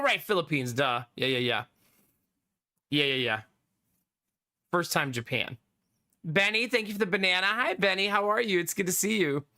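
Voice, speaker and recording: A man livestreaming and chatting casually with his viewers, laughing often and teasing, his voice gruff from being sick. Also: sits high, sharp tone, no echo, clean studio sound.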